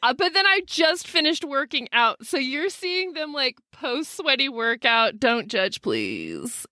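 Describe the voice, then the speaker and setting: A woman's voice: high voice, measured pace, dry recording, clean studio sound. Chatty woman podcast co-host. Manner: chatty, giggly, animated storytelling. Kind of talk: casual chat. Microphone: video call.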